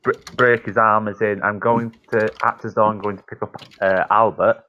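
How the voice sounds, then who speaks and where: Low-voiced hesitant man on a dull mic. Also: level tone, normal speed. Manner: hesitant, says "uh" often. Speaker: player. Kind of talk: tabletop game role-play.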